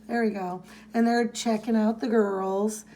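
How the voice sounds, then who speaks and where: Woman, podcast co-host, mellow dark tone, casual comic recap, faint background hiss. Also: medium pitch, fairly even intonation, unhurried. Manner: reads comic dialogue aloud in playful voices.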